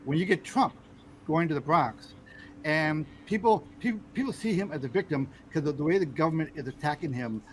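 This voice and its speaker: An American man hosting a casual political podcast, talking in halting bursts with many fillers and restarts. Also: on the high side, a little hiss or hum, poor audio. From United States. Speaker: podcast host.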